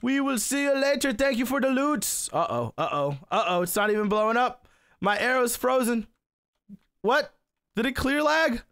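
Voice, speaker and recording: A young man giving excitable let's-play commentary on a game, often exclaiming and laughing. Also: very high-pitched, normal speed, clean tone, dry recording, studio quality. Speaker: gaming YouTuber.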